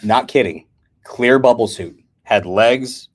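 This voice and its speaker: A middle-aged American man telling blunt, animated stories as a guest in a casual chat. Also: medium pitch, slow, breathy edge. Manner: animated storyteller, blunt and combative.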